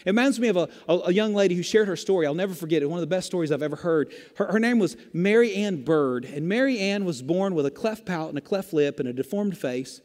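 In a large church sanctuary, a pastor's notably high, darkish-toned voice rings with long reverb as he preaches with expression and a quick pace, barely pausing. He hammers his message home through repetition and rhetorical questions.

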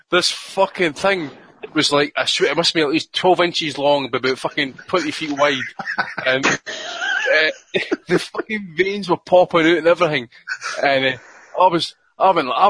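A man's voice: on the high side, normal speed, sharp tone, slightly rough, poor audio. A Scottish man co-hosting a podcast, telling a crude, rambling story full of swearing and laughter. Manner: profane, rambling, laughs through his stories. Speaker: podcast co-host. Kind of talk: crude storytelling in casual chat.

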